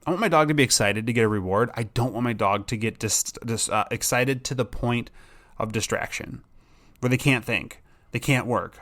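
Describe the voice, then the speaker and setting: A man's voice: medium pitch, normal speed, fairly bright tone. A man hosting a dog training podcast, talking casually and enthusiastically, rambling with frequent restarts. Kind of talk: casual solo podcast talk.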